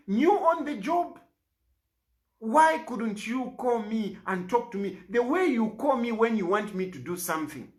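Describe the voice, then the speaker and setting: A middle-aged Zambian man speaks with urgent, pleading force. His pitch climbs and drops widely from phrase to phrase as he presses his point. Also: fairly bright tone. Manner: pleading, rises and falls sharply in pitch. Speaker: opposition party leader. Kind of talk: impassioned public statement.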